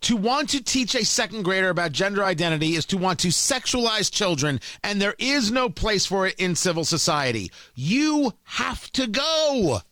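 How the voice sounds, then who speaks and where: A man's voice: high voice, expressive, brisk, few pauses, bright, forceful tone, dry recording. A man hosting a political commentary show, delivering an emphatic, combative opinion monologue full of rhetorical questions.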